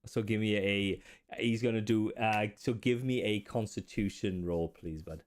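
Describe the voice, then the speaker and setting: A man's voice: lowish voice, a little slow, a little hiss or hum. A man with an Australian accent running a tabletop game as dungeon master, narrating and laughing often. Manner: laughs often, lively storytelling.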